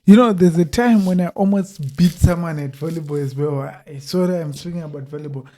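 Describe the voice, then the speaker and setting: A man's voice: a little high, brisk. A young man from Zimbabwe telling stories as a podcast guest, acting out quoted lines and laughing often. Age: young adult. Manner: animated storyteller, acts out quotes loudly, laughs often. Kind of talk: casual chat.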